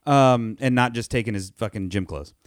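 A man talking casually about movies, voice of middling pitch, recorded close and dry with no room sound. He rambles, restarts his sentences and slips in wry asides. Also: normal speed, smooth, dry recording. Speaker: podcast co-host. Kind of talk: casual chat.

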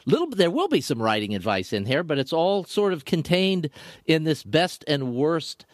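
A man's voice: on the high side, very animated, moderate pace, no echo, studio quality. A man co-hosting a casual podcast chat, teasing his partner and rambling through restarts. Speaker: podcast co-host.

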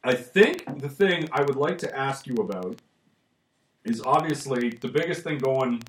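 A man's voice: mid-range voice, expressive, a little slow. A man hosting a podcast in casual chat, rambling and laughing as he tells stories. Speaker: podcast host. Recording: echoey room, mic at a distance, faint hiss.

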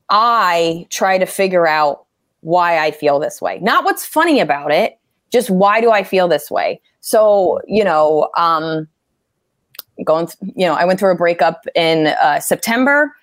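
A woman comedian talking casually about writing jokes, animated and swearing freely as she acts out angry quotes. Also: fairly low pitch, a little slow, no echo, studio quality. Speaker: stand-up comedian. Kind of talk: casual interview talk.

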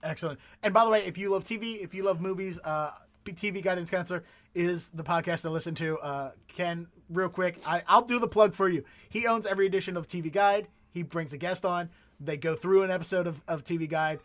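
A man's voice: high voice, fairly quick, fairly bright tone. A man hosting a casual vocabulary segment, chatty and rambling with fillers. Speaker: podcast host. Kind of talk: casual comedic chat.

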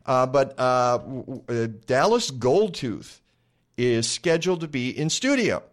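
A man's voice: mid-range voice, very animated, measured pace. A man hosting a radio show from the studio, chatty and rambling, with lots of fillers. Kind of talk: casual radio talk.

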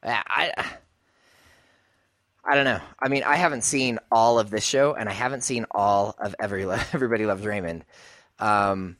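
A man's voice: on the low side, normal speed, a bit bright, no echo. A man co-hosting a podcast, talking things through thoughtfully and often laughing as he searches for words. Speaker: podcast co-host. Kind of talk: casual chat.

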